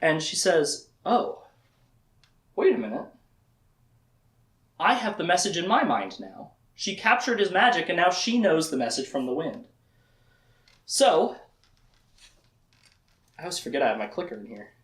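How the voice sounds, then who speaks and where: A lively man with a fairly high voice gives a casual, comedic book lecture to a small audience, jumping into quick impressions of the characters. His pitch swings widely. The room is echoey. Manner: animated, acts out characters' lines with quick voice shifts.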